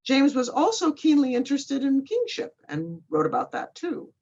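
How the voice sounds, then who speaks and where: A woman's voice: sits high, huge pitch swings, moderate pace, a little mellow. A woman professor giving a pre-show lecture, with dry, wry asides. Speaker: literature professor. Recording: slightly muffled lo-fi recording.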